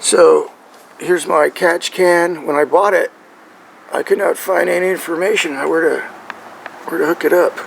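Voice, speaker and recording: Brief: gravelly, slightly high-voiced man, rambling DIY explainer with faint outdoor hum behind. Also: steady tone, moderate pace, low-quality recording. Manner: rambling, checks in with "right?" and "okay?". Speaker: truck owner showing his engine. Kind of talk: casual how-to explanation.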